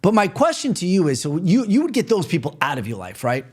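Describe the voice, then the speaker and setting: Fast and high-pitched, with huge swings in pitch, this podcast host from New York addresses the listener directly. He talks earnestly and repeats himself throughout a motivational monologue.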